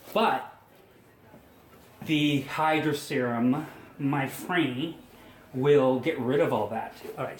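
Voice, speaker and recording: A man's voice: a little high, a little hiss or hum. A man, a hairstylist, talking viewers through a hair styling tutorial step by step in a chatty, coaxing way with self-mocking asides. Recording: echoey room with faint ambience.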